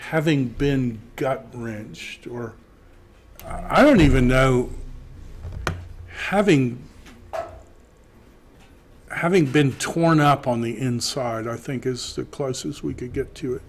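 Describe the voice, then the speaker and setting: A man teaching a Greek class, slowly reading Greek aloud and then translating it. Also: medium pitch. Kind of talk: classroom lecture.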